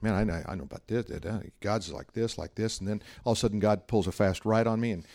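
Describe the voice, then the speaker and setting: A man's voice: fairly low pitch, fast talker, creaky, darkish tone. A middle-aged man preaching a sermon in a conversational, storytelling way, acting out the voices of people he quotes. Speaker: pastor.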